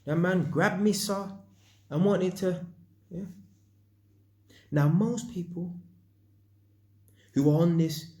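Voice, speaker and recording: A man's voice: high voice, slow pace, pauses often, warm tone, echoey room. A man vlogging, telling a personal story in casual slang and acting out sound effects. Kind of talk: storytelling monologue.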